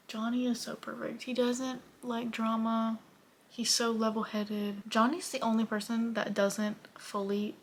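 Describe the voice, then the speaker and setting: A woman's voice: medium pitch, gravelly, a bit bright, a little hiss or hum. A young woman talking through her reading in a casual vlog, emotional and often dropping to a whisper. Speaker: book vlogger.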